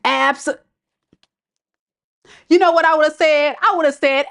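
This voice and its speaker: Sassy tarot lady on a live stream, kinda high voice, laughs a lot. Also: slow, long pauses. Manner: sassy, animated, laughing often, slangy. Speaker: tarot reader.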